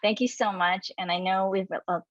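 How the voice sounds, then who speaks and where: A woman's voice: mid-range voice, fairly even intonation, moderate pace, dry recording, dull audio. A woman hosting a webinar, introducing a guest in a chatty, upbeat way and laughing easily. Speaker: webinar host.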